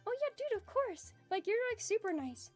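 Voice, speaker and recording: A woman's voice: very animated, normal speed, a little mellow, soft background music. A woman chatting casually with her livestream chat, reading messages aloud and giggling often. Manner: self-described low-energy and introverted. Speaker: streamer chatting with live chat.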